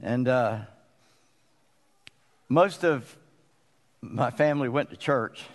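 A man preaching a sermon as pastor, folksy and conversational, with emphatic pauses. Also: mid-range voice, big-room sound.

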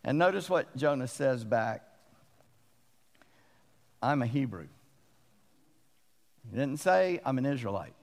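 Folksy preacher in a reverberant hall. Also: male voice, mid-range voice, lively intonation, moderate pace, creaky, hardly any pauses. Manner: folksy storytelling with self-deprecating humor. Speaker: pastor. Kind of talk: sermon.

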